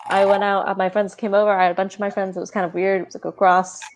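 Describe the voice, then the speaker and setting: A woman's voice: medium pitch, little pitch movement, rapid-fire. A young woman in her twenties chatting casually, offhand and self-deprecating with laughter. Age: 20s. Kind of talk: casual chat.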